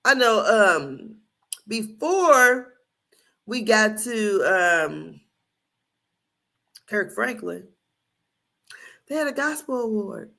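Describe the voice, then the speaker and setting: A woman's voice: medium pitch, big pitch swings, drawn-out words, gravelly, long pauses, pushed and bright. A middle-aged woman from Indiana hosting a casual recap show, chatty and rambling, often laughing as she tells stories. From Indiana, USA. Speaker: podcast host. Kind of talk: casual commentary.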